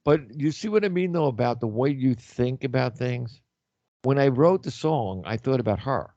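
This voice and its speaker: A man's voice: medium pitch, lively intonation, normal speed, mellow, dry recording, lo-fi sound. A man in his sixties hosting a talk show, chatting casually in a rambling way, repeating words and trailing off. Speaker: host.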